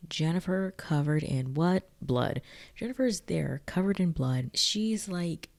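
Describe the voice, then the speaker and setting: Low, gravelly woman recapping a film. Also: unhurried, darkish tone. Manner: chatty and jokey, lots of "like". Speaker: video essay host.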